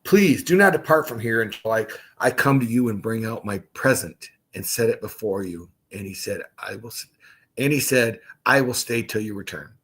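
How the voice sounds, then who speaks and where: A man's voice: lowish voice, animated, normal speed, a bit bright, husky. A man hosting a casual livestream Bible study, reading scripture aloud and stopping for chatty asides.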